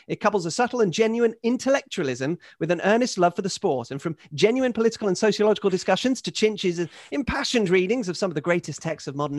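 A man's voice: high voice, dry recording. A man hosting a podcast, reading a long listener email aloud in a dry, wry way. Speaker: podcast host.

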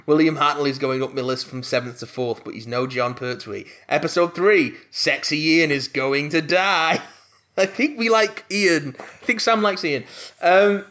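A young man co-hosting a podcast, chatty and excitable, laughing and swearing as he reads out listener mail. His voice sits a bit high and has a bright, forceful edge. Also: moderate pace. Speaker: podcast co-host reading listener emails. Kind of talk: casual comedic chat.

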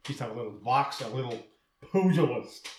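A man co-hosting a podcast in casual chat, quick to laugh at his friends. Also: mid-range voice, echoey room, slight background noise. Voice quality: lively, giggly banter.

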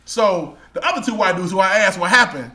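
A young man tells a profane, laughing story on a podcast. His voice sits high and bright, bouncing all over in pitch as he acts out the scene. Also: lively intonation, a little fast. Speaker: podcast co-host. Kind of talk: casual storytelling chat.

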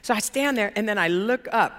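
A woman's voice: mid-range voice, a little fast. A woman preaching a sermon, telling a story with laughter and acting out the people in it. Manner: animated, laughing, acts out quoted people. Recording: long hall reverb.

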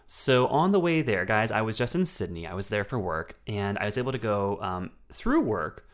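Animated man telling stories on a podcast. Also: fairly low pitch, normal speed. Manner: animated storyteller, playful, mocking. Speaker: podcast co-host. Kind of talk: casual chat.

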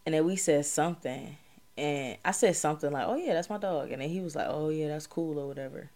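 A young woman tells a long, rambling story in casual podcast chat. Her voice sits a bit low and easy. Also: brisk. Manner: laid-back, rambling, bursts into loud laughter. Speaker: podcast host.

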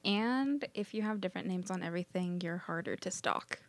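A woman's voice: on the low side, brisk, dry recording. A woman co-hosting a casual podcast, bubbly, with a voice she calls nerdy. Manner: bubbly, self-described nerdy voice. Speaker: podcast co-host. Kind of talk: casual chat.

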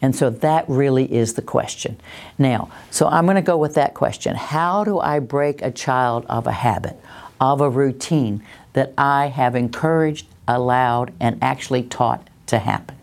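Calm woman teaching parents. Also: a bass voice, measured pace. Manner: calm, reassuring, acts out little scenes. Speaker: parenting educator answering questions. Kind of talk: teaching talk, Q&A.

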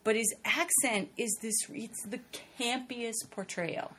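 A woman co-hosting a podcast, reviewing a movie in casual chat with quick interjections that finish her co-host's sentences. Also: on the high side, bright, forceful tone, slight background noise. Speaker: podcast co-host, film reviewer.

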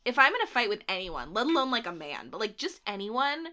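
A young woman co-hosting a podcast, excitedly recapping a reality show in casual chat, with lots of "like". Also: a little high, fairly quick. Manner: excited, gushing, heavy use of "like". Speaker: podcast co-host.

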